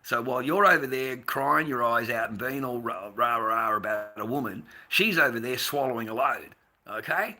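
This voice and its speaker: A man's voice: mid-range voice, moderate pace, bright, forceful tone. A middle-aged man, ranting bluntly and profanely on a casual livestream, rambling with stammered restarts. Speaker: livestream host.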